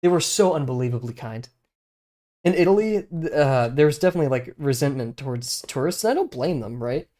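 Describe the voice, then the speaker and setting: A man's voice: medium pitch, lively intonation, a little fast, warm tone. Rambling young man chatting while drawing. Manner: rambling, many fillers and restarts. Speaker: streamer. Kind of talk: casual chat while drawing on stream.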